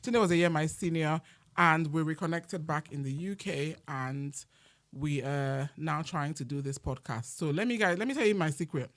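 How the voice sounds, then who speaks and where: A woman's voice: deep voice, normal speed, dry recording, clean studio sound. A woman from Nigeria hosting a casual podcast chat, laughing often. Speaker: podcast host. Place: home in the UK.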